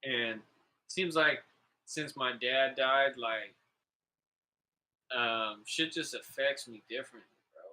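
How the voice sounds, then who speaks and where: A man's voice: medium pitch, takes it slowly, pauses often, bright, forceful tone, low-quality recording. A man hosting a podcast, telling stories in a loose, casual way, swearing freely and filling his talk with "like" and "you know". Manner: laid-back, profane, calls people "bro"; rambling, full of "like" and "you know". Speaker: podcast host. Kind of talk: casual storytelling chat.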